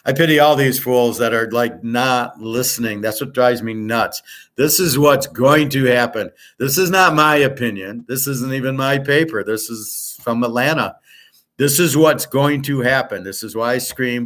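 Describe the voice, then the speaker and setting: A man's voice: medium pitch, a little slow, a bit bright. An older man hosting a livestream, ranting bluntly and profanely, repeating his points with emphasis and speaking straight to a viewer. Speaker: host.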